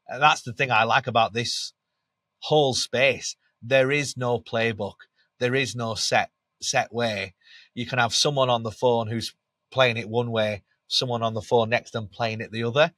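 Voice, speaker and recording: A man with a Northern English accent and a slightly nasal voice, telling lively anecdotes as a podcast guest, often laughing and restarting. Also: medium pitch, no echo. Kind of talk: candid storytelling in an interview.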